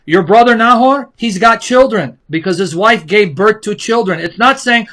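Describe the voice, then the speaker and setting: A man's voice: sits high, expressive, normal speed, a bit bright. A man co-hosting a heated religious debate show, talking in an emphatic, sarcastic, mocking way. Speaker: co-host. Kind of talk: heated apologetics discussion.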